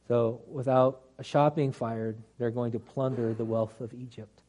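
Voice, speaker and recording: Guy leading a bible class, mellow warm voice, kinda halting, stops and restarts a lot, slips in dry jokes. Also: mid-range voice, fairly even intonation. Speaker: Bible study teacher.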